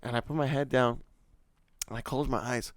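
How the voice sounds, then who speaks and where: A young man co-hosting a casual chat, telling a story in a rambling, animated way with lots of fillers and swearing. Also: mid-range voice, normal speed, no room sound, clean studio sound. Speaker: podcast co-host.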